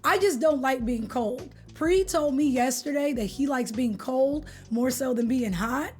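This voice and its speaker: High-voiced playful woman streamer. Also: measured pace, faint music behind. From California. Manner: playful, slangy, greets chatters by name. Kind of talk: casual chat with live viewers.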